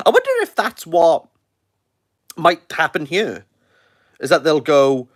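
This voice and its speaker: A man's voice: fairly high pitch, sing-song, unhurried, pauses often, no echo, studio quality. A Welsh man reviewing books in a rambling, jokey, playfully sarcastic livestream chat into his phone. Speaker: book reviewer.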